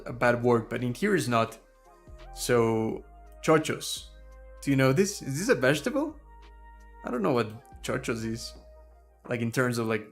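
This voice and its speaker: Young male streamer, rambling and laughing, faint music underneath. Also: medium pitch. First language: Spanish. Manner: rambling, laughs at his own tongue-twister slips. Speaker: livestream host. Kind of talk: casual live-stream chat.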